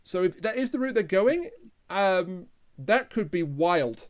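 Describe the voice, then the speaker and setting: Male podcast co-host, higher register, relaxed chatty delivery with quick wry asides. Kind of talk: casual chat.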